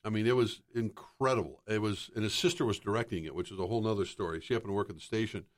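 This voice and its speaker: A man's voice: on the low side, rapid-fire. An older man, a sports broadcaster, telling rambling stories in casual chat and taking on voices for quotes. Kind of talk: casual storytelling.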